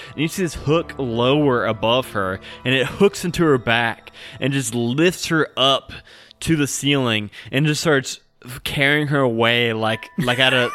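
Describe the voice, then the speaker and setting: A man's voice: mid-range voice, a bit bright. A young man narrating as game master of a tabletop game, casual and full of filler words.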